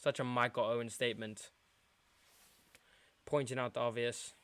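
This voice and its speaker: A young man streaming a football watchalong, muttering through quiet spells and yelling at big chances. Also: medium pitch, normal speed, no room sound. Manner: excitable, shouts at big chances, mutters otherwise. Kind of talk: live football watchalong commentary.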